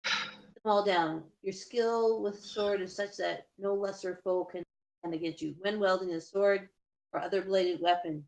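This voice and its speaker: A woman running a tabletop game as game master, calling out rolls and rules in a brisk, instructive way. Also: mid-range voice, steady tone, a little mellow.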